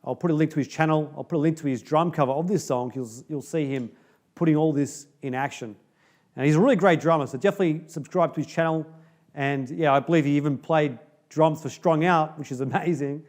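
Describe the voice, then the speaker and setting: A man's voice: fairly high pitch, brisk, a little mellow. A man teaching a drum beat in a casual video lesson, upbeat and chatty, often checking in with "okay?".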